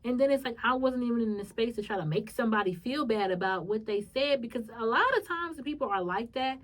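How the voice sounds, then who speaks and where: A young woman, hosting a podcast and telling a personal story in a lively, animated way. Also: a little high, fast talker, distant mic. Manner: lively, animated retelling with acted-out quotes and laughs. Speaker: podcast host. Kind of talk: casual storytelling monologue.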